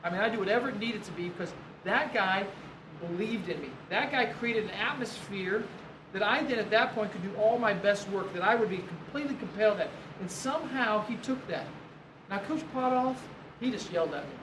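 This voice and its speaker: A man's voice: high voice, lively intonation, a little fast. Male pastor preaching. Earnest storyteller, heard from a distance, echoey room, background noise. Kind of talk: sermon. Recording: roomy, distant mic, noisy room.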